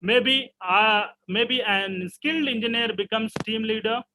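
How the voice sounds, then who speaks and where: A man's voice: sits high, measured pace, sharp tone, a little hiss or hum, rough recording. A middle-aged man with an Indian English accent giving an online lecture, repeating key words and checking in with "okay?" after nearly every point.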